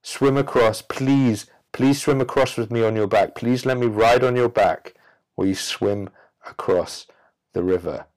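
A man's voice: mid-range voice, measured pace, darkish tone, lightly acted. A man voicing a scheming male scorpion in a spoken fable, begging and promising in a wheedling way. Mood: pleading.

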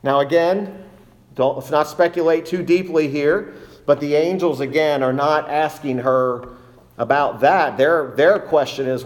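A man's voice: a little high, measured pace. A man preaching a sermon as pastor, emphatic, repeating key phrases and asking rhetorical questions.

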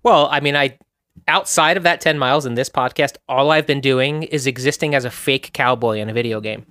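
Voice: medium pitch, a little fast, fairly bright tone, no echo. A podcast co-host chatting casually in a giggly, playful way. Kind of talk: casual chat.

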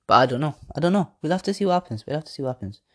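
A man's voice: on the high side, lively intonation, racing, a bit bright. A man hosting a podcast, rambling through casual chat with slang, swearing and self-mocking laughs. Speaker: podcast host. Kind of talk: casual wrestling predictions chat.

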